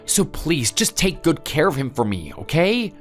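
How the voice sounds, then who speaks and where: A man's voice: fairly high pitch, big pitch swings, normal speed. A man playing a young husband who sounds defensive and whiny. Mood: pleading. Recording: faint background music.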